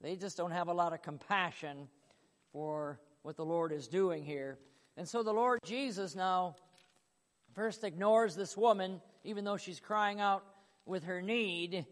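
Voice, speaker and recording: A man's voice: high voice, a little slow. A man preaching a sermon, emphatic and acting out voices, with a chuckle now and then. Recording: long hall reverb.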